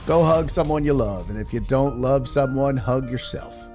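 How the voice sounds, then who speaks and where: A man's voice: normal speed, music in the background. A man hosting a casual sports talk livestream, reading viewer comments aloud and joking around. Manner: animated, jokey, swings pitch wildly. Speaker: sports talk show host.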